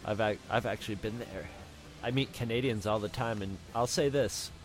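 A man's voice: lowish voice, moderate pace, soft background music. A man co-hosting an anime podcast, chatting casually and telling rambling anecdotes. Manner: rambling storyteller who mimics folksy drawls. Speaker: podcast co-host. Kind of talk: casual chat.

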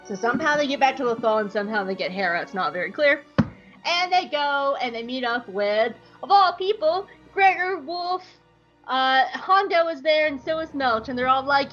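A woman podcast co-host retelling a fan story in a casual, giggly, animated way. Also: high voice, a little fast, faint music behind. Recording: dull lo-fi podcast audio.

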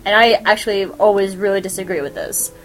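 A woman's voice: mid-range voice, fairly quick, a bit bright, faint music behind, rough recording. A woman hosting a podcast, reviewing anime in a rambling, casual chat with many fillers and giggles. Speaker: podcast host.

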